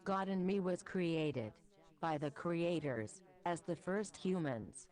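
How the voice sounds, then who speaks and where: A woman voicing a small, crude, hot-tempered male goat devil who swears a lot, in a lowered gruff voice. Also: animated, slow, a little mellow. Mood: explaining.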